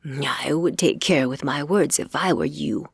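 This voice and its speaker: A stern male Fae king, voiced by a woman narrator lectures in a low, hushed and measured way. His tone is cool and disapproving, with a deep, gravelly grain. This is a fantasy audiobook. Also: no echo, studio quality, full character voice.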